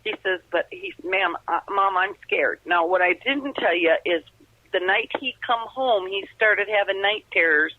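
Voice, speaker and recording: Over a phone line, a middle-aged woman from Upper Michigan calls in to tell a long encounter story. Her mid-range voice is unhurried, with no echo, and her earnest account rambles with many restarts.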